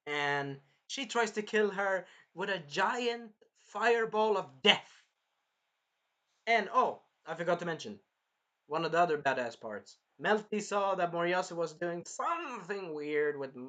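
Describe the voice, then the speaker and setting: High, bright-voiced animated male reviewer. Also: unhurried, pauses often. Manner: animated, swears a lot, acts out characters' lines. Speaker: anime reviewer. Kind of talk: casual episode review.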